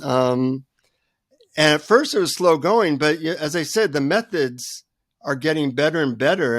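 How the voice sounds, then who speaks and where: A man who is a guest author, telling humorous, animated stories in a remote interview. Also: medium pitch, no room sound, clean studio sound. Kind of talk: storytelling in an interview.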